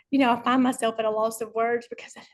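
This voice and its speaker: A woman on a video call giving an emotional, excited thank-you, laughing often and trying not to cry. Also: fairly high pitch, moderate pace. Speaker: honored team member.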